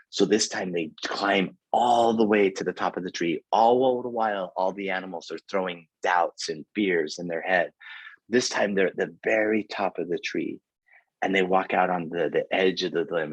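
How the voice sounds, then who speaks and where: A man with a very low, husky voice tells a motivational story to a team on a video call. He talks with energy but rambles, stacking fillers and restarts, and the sound is close and dry. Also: dry recording, rough recording. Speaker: guest speaker, sales executive.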